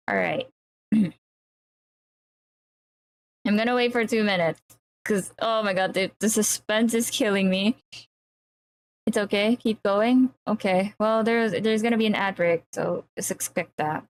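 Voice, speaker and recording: A woman's voice: medium pitch, unhurried, a little hiss or hum. A woman streamer reading a visual novel aloud on a livestream, breaking off into nervous, easily spooked chatter with her chat.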